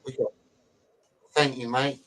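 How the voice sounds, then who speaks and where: A man's voice: mid-range voice, little pitch movement, a little slow, fairly bright tone, slight background noise, poor audio. A man hosting a casual live stream, greeting his guests in a friendly way. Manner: chummy, greets guests one by one. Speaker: birthday stream host.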